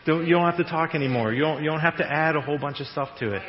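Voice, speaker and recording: A man's voice: on the high side, rapid-fire. Man preaching in an echoey hall. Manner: conversational, animated, laughs at own jokes. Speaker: pastor. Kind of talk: sermon. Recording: echoey hall, dull radio-like sound.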